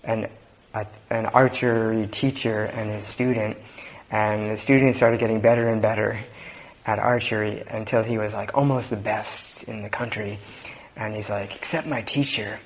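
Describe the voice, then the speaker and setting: A man giving a Zen dharma talk in a relaxed, halting way, with many fillers and soft laughs. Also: fairly low pitch. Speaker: Zen teacher. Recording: dull lo-fi recording with faint noise.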